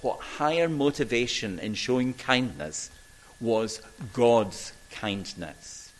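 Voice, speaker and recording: Older man preaching slowly. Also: medium pitch, lively intonation, low-quality recording. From Scotland. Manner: storytelling, acts out quoted voices, slow emphatic pauses. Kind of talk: sermon.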